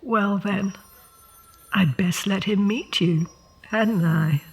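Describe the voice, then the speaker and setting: A man voicing a creepy old woman who runs a pet orphanage, slow and trembling, with a high, airy voice in an audio drama. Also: creaky, slightly rough, heavily acted. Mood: sly. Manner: slow, sorrowful, quietly accusing.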